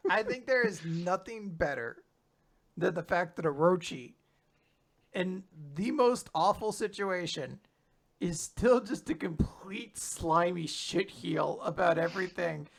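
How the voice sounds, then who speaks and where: A podcast co-host chatting casually about a comic, quick to laugh and comment. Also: medium pitch, expressive, creaky. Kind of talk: casual chat.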